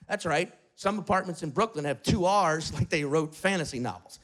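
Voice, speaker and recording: A man doing a profane, animated stand-up set in an apartment. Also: a little high, brisk, slight background noise. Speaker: stand-up comedian. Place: apartment with live audience. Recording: live apartment crowd. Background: small audience laughing.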